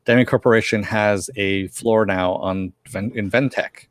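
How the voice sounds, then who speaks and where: A man's voice: lowish voice, steady tone, measured pace, no room sound, studio quality. A man casually recapping a cartoon episode with a co-host, now and then acting out the characters' lines.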